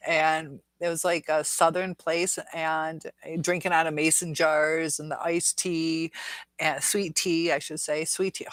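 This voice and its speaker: A woman's voice: low-pitched, no room sound. A woman hosting a casual live stream, reading viewer comments aloud in a rambling, chatty way and laughing often. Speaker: livestream host reading viewer chat.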